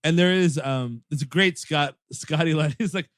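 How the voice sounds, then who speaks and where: Laughing higher-voiced podcast guy. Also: moderate pace, fairly bright tone, no echo, studio quality. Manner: laughs often, acts out character lines in funny voices. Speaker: podcast co-host. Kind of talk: comedic movie recap chat.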